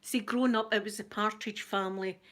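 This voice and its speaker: A woman's voice: mid-range voice, steady tone, fairly quick, a bit bright. Chatty Scottish woman greeting viewers. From Scotland. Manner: chatty, greets viewers by name, laughs often. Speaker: YouTube channel host. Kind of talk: casual live-stream chat.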